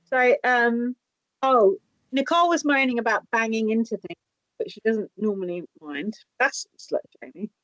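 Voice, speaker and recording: A woman's voice: a little high, measured pace, dry recording. A woman co-hosting a podcast, chatting casually and giggling as she recaps a reality show. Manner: giggly, swearing, animated. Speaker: podcast co-host. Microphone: remote call mic. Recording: dull, dry lo-fi remote recording.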